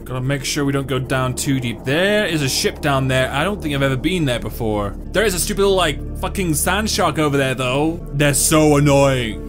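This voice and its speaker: A man giving live reaction commentary over gameplay, excitable, swearing, and talking back to the game. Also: medium pitch, brisk, hardly any pauses. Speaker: gaming channel host. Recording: game music underneath.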